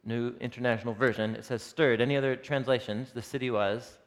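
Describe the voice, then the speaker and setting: Animated man teaching a Bible class. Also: mid-range voice, a little fast. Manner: animated, asks the audience questions. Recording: long reverb of a hall.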